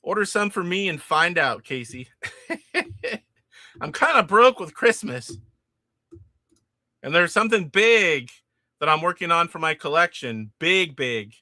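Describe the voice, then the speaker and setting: A man from California with a high, bright voice hosts a live stream and talks through viewer messages in a loose, rambling way. The sound is close and dry. He restarts his sentences often and laughs easily. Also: big pitch swings, unhurried, long pauses, no room sound. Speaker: livestream host. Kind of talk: casual chat reading viewer comments.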